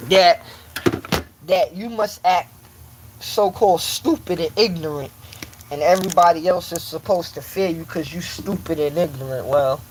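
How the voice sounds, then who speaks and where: A man with a fairly high voice delivers a casual, confrontational rant. He hammers his points in street slang and repeats lines for emphasis. Faint vehicle noise hums in the background. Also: poor audio.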